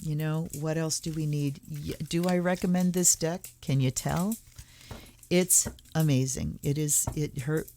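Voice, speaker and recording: A woman's voice: sits low, steady tone, mellow, a little hiss or hum. A woman hosting a tarot channel, casually musing and reading book passages aloud in a reflective way. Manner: reflective, musing, slows down for blessings. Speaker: tarot reader and channel host.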